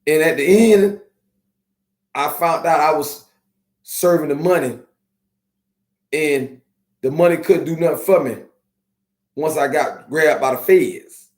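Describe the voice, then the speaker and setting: A man hosting a podcast, talking casually and streetwise to his viewers, slowing down to preach his points. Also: fairly high pitch. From Miami. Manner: streetwise, preachy, drawn-out slow emphasis. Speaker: podcast host. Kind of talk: casual live-stream talk to viewers. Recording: echoey room.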